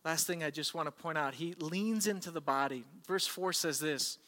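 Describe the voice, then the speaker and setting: A man's voice: on the high side, normal speed, bright, forceful tone. A man preaching a sermon as pastor, earnest and conversational. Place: church service. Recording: long hall reverb.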